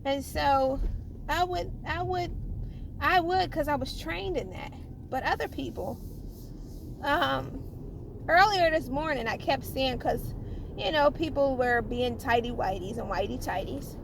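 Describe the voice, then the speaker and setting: A woman preaching informally about her faith in a fervent, halting way, often repeating and restarting phrases and chuckling. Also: high-pitched, lively intonation, gravelly, noisy background. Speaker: spiritual vlogger.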